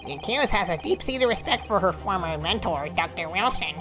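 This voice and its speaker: A woman reads as a stern, haughty male prosecutor from a courtroom game, low and measured, pressing each point with formal, accusing words. Her pitch swings widely across the lines, with soft music playing behind. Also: animated, lightly acted.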